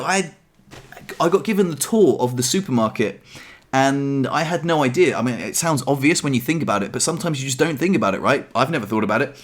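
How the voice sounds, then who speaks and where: A young man with a medium-pitched, slightly bright voice chats casually in an upbeat vlog about his life at home in his apartment. The vlogger is self-deprecating throughout.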